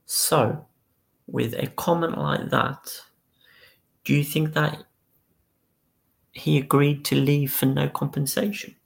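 A man's voice: a little high, fairly even intonation, takes it slowly, creaky, pauses often. A man co-hosting a casual football podcast, recounting the news step by step and reading out statements. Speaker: podcast co-host.

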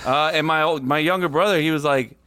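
A man's voice: a little high, brisk, bright, forceful tone, smooth, dry recording. A young man hosting a casual podcast chat, joking and self-mocking, laughing often. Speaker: podcast host.

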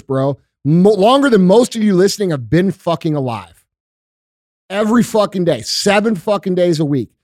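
Profane, ranting man with a high voice. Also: a little mellow, dry recording, clean studio sound. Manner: profane, emphatic, repeats himself. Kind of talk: heated opinionated rant.

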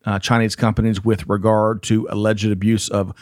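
Lowish-voiced guy hosting a news chat, upbeat, dry close sound. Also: level tone, normal speed, dry recording. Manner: upbeat, reads story points aloud, stumbles on names. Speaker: podcast co-host. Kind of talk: casual news discussion.

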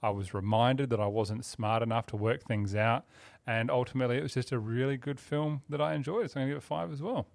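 A man chatting casually as a film review podcast host, relaxed and a little wry. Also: medium pitch, fast, creaky, no echo.

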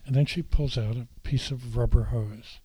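A man's voice: medium pitch, moderate pace, breathy edge, low-quality recording. A man telling a candid, emotional personal story, acting out the people he quotes. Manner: animated, acts out the people he quotes.

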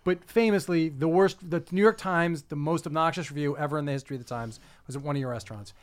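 A man's voice: fairly high pitch, quick pace. A man hosting a casual interview, asking his guest questions in an eager, frank way and swearing freely. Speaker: interview host.

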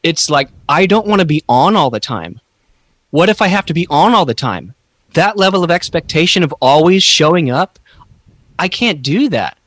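Halting, reflective man, dry sound. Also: a little high, very animated, a bit bright, no echo. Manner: slow, halting, searching for words. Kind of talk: reflective conversational podcast.

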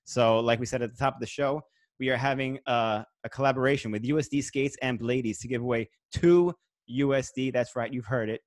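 A man's voice: mid-range voice, a little fast, no echo. Upbeat man hosting a podcast, dry sound. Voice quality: friendly, upbeat, reads shout-outs and promos. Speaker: podcast host. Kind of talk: casual podcast chat.

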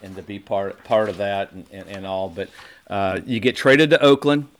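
A man's voice: fairly low pitch, normal speed. A man hosting a podcast, telling a long story in casual chat, acting out other people's lines with many restarts. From American Midwest. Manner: animated storyteller, acts out quotes, frequent restarts. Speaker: podcast host.

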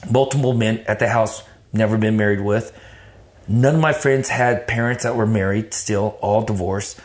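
A man from Texas, telling his life story in casual, animated talk full of cursing, acting out his own past thoughts. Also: lowish voice, moderate pace.

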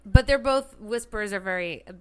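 A woman co-hosting a podcast, chatting about a TV show with quick, animated reactions. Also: mid-range voice, smooth. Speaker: podcast co-host. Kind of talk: casual TV recap chat.

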